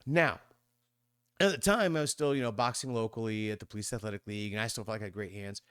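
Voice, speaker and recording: Animated storyteller man in his fifties. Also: fast talker, clean tone, no echo, clean studio sound. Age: 50s. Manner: animated, acting out other people's voices with sudden high squeaks; rambling with many restarts and fillers. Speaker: podcast guest. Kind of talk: conversational storytelling.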